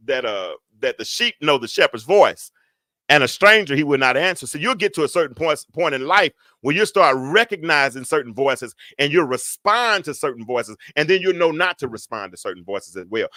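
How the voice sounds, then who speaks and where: A man hosting a podcast, teaching from the Bible in a preacher's cadence, repeating phrases for emphasis and slowing down to read scripture. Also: on the high side, sharp tone, no echo. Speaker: podcast host.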